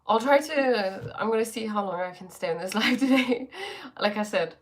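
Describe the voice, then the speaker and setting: A woman's voice: medium pitch, animated, moderate pace. A woman hosting a casual spiritual livestream from her bedroom. She speaks reflectively, with a sore throat, greeting viewers and using many fillers.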